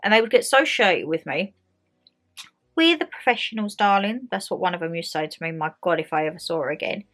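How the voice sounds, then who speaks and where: A young woman with an Essex accent chatting to camera as a vlogger, telling a story in a lively way and acting out the people in it. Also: deep voice, racing, few pauses. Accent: Essex English. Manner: chatty, animated storytelling with acted quotes. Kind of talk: casual chat to camera. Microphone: handheld phone camera.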